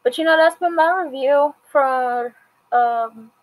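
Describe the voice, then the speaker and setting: A woman's voice: sits high, slow pace, low-quality recording. A woman casually recapping and reviewing a TV episode, retelling scenes through quoted dialogue in a chatty way.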